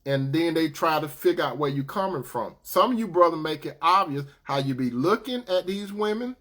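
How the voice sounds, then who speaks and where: Animated storytelling man, higher-pitched voice. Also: moderate pace. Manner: animated, playful, acts out both sides of a story. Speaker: advice talk host. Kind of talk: casual storytelling to viewers.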